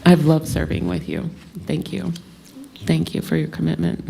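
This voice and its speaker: A woman's voice: low voice, fairly even intonation, normal speed, creaky, warm tone, a little hiss or hum. A woman chairing a county board meeting at the dais, tearful and emotional, her voice breaking as she apologizes.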